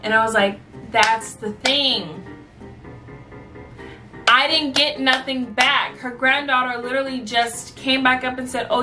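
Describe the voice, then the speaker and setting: A woman's voice: high voice, sharp tone, distant mic. A woman vlogger animatedly telling a sassy story about her job as a cashier. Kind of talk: storytime vlog.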